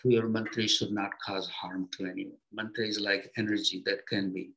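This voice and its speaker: A man giving a spiritual talk to his students as their teacher, speaking gently in short, unhurried phrases with pauses and simple everyday comparisons. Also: lowish voice, flat delivery, vocal fry, rough recording.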